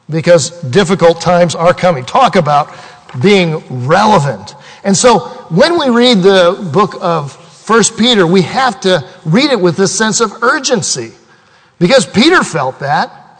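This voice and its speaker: A man delivers a sermon from the pulpit in an earnest, emphatic way, drawing out his key phrases. His voice sits high for a man. A long reverb trails each line through the church hall. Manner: earnest, emphatic preaching with slowed dramatic phrasing. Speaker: pastor.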